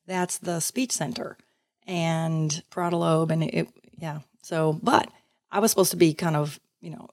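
A woman guest in a casual interview, telling her story in a lively way, acting out other voices and laughing often. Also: on the low side, vocal fry, no room sound, studio quality.

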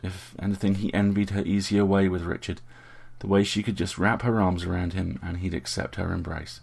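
A man narrating an audiobook in a steady, measured way. His voice is very deep and gravelly, with a husky, rough grain.

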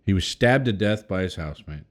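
A man with a low, expressive voice talks briskly over a faint hiss or hum. He hosts a casual podcast, reading headlines aloud and cracking crude jokes, his volume swinging between loud and mumbled.

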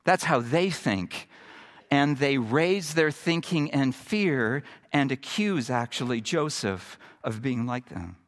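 A middle-aged man preaching a sermon, moving from emphatic build-ups to quiet, hushed points. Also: medium pitch, expressive, takes it slowly. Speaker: pastor.

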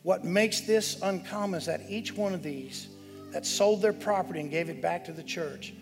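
A man preaching a sermon as pastor, telling a story with emphatic shouted peaks. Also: high-pitched, moderate pace, gravelly, over music. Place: church sanctuary. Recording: long reverb of a church hall.

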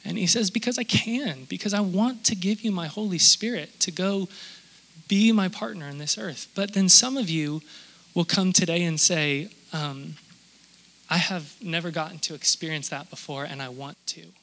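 Man, pastor, high voice, earnest conversational sermon. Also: moderate pace, fairly bright tone, rough recording.

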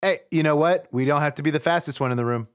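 A man's voice: a little high, fast, smooth. A young man playing in a tabletop game, chatting and joking with enthusiasm. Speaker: player. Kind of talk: casual chat at a tabletop game.

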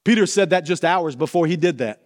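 High-voiced pastor in a reverberant hall. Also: male voice, expressive, fairly quick. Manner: earnest, questioning the listeners directly. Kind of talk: sermon.

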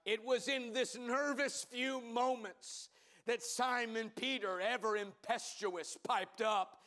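A man preaching a sermon as pastor, building from measured teaching to fervent shouting. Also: very high voice, steady tone.

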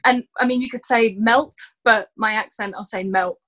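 A woman's voice: on the high side, steady tone, brisk, fairly bright tone. A woman chatting casually, hesitant with many ums and giggly. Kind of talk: casual chat.

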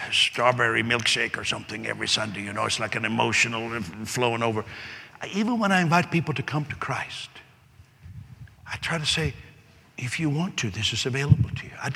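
Man, pastor, earnest sermon, slightly high, husky voice. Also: sharp tone. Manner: earnest, repetitive, rising to fervent prayer. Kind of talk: sermon with altar call. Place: large church hall. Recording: long echo of a large hall.

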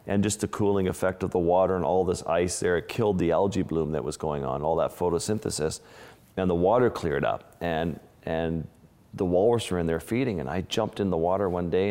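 Male underwater photographer, deep voice, casual storyteller, lingering reverb on the track. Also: fairly quick, darkish tone. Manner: casual, restarts phrases, vivid retelling. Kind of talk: interview storytelling.

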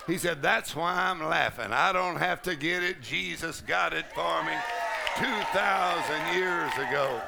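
A middle-aged man preaching a charismatic sermon, breaking into loud laughter and shouts. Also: a little high, slow, creaky, crowd noise, noisy background. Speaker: pastor. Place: large conference hall.

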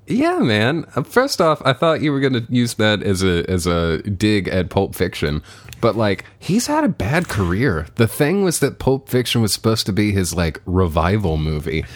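Podcast co-host, male, low register, very animated delivery, casual and profane. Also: normal speed. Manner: animated, swears, laughs often. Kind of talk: casual chat.

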